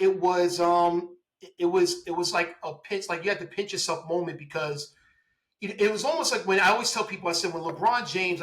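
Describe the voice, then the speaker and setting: A man in his forties tells his story in a relaxed interview. His voice sits a little high and sounds very bright and forward. He talks in an animated way and acts out the dialogue he quotes. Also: low-quality recording. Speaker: guest, police officer.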